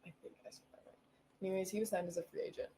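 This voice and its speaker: Young female podcast host, excitable and rambling; mellow tone, light background noise. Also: medium pitch, racing, low-quality recording. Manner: bubbly, rambling, giggly. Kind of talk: casual solo podcast chat.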